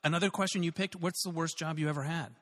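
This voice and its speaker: A man's voice: a little high, quick pace. A male host in a casual interview, mostly answering with short, easy affirmations. Now and then he steps in with curious follow-up questions. A long reverb hangs on his voice. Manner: relaxed, brief affirmations, asks follow-up questions. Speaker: podcast host.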